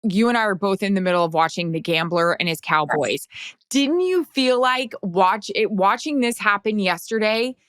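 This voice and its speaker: Animated woman podcast co-host, dry sound. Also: mid-range voice, moderate pace, smooth, no echo. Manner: animated, gossipy. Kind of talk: casual sports chat.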